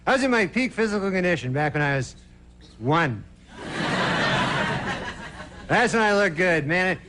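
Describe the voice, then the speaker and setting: A stand-up comedian, a man with a high voice, wanders through his set on a television studio stage with loose, rambling delivery, and he pads his lines with "you know" and "uh". A steady background noise runs under his voice, and the recording carries the room. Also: unhurried. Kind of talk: stand-up routine.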